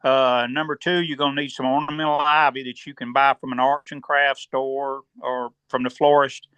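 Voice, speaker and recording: A man with a Southern US accent, calmly explaining turkey hunting step by step as a podcast guest and often clearing his throat. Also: medium pitch, normal speed, dry recording. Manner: steady, instructive, step-by-step.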